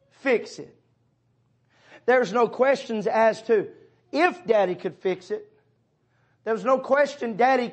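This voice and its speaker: A pastor preaching a sermon in church, speaking directly to members of his congregation, his delivery swinging from loud urging to hushed tones. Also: high voice. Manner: addresses listeners by name as brother and sister.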